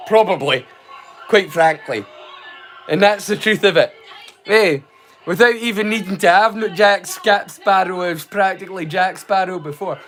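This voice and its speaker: A man's voice: high-pitched, moderate pace, fairly bright tone. A Scottish man hosting a livestream, chatting casually to his viewers in a rambling, sweary way and laughing easily. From Scotland. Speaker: livestream host. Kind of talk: casual chat.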